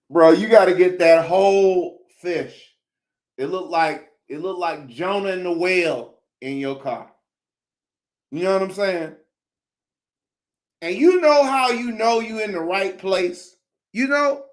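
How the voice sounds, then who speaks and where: A man telling funny stories in casual, slangy chat, laughing loudly between bits. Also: high-pitched. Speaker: comedic storyteller.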